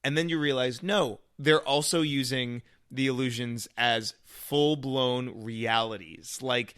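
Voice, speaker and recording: A man chatting casually about a movie, acting out reactions with quick quoted asides. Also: medium pitch, fairly even intonation, fairly bright tone, clean tone, no echo, studio quality. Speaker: co-host. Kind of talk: casual movie review chat.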